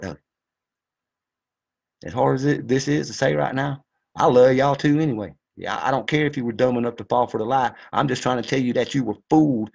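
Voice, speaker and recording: A man giving a fired-up, preachy monologue, folksy and full of swearing. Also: fairly high pitch. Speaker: video commentator. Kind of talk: impassioned monologue.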